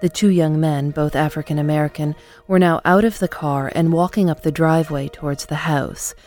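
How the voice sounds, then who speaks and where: A woman hosting a documentary podcast, telling the story in calm, measured scripted narration. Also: sits low, soft background music.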